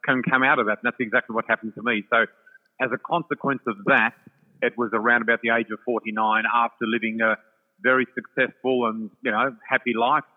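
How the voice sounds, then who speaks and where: A man's voice: medium pitch, little pitch movement, fairly quick. An older man with an Australian accent tells his story in a chatty, effusive manner, with many ums along the way. His voice sits in a middling register. It comes through a tinny, phone-like line with a long, hall-like reverb. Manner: warm, chatty, effusive, full of fillers. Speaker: psychic guest. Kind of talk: casual storytelling chat.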